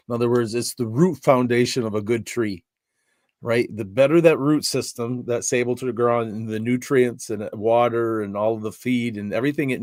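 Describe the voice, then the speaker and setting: A man's voice: mid-range voice, a little mellow, no echo, clean studio sound. A man who performs as Santa, co-hosting a casual chat, joking and laughing, then reflecting at length. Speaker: Santa performer and podcast co-host.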